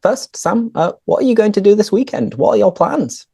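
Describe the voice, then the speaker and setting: A man, a teacher chatting casually with a friend and clearly explaining words and phrases for learners over a video call. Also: high voice, lively intonation, fairly quick, dark tone, no room sound. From northern England. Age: 30s. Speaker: English teacher and host. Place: home room, on a video call.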